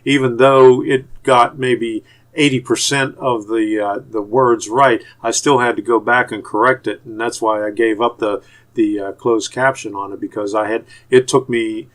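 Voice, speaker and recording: A man with a Pittsburgh accent talks through channel tips in a casual tutorial, his pitch sitting right in the middle of the usual range. He stops and restarts often and fills gaps with "uh". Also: steady tone. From Pittsburgh, USA. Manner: halting, many "uh" fillers and restarts. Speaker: YouTuber giving channel tips. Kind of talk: casual tutorial talk to camera.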